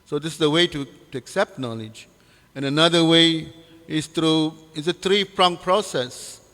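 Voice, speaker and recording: A man giving a devotional scripture class, halting with many fillers and putting questions to his listeners. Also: a little high, sharp tone. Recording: long hall reverb.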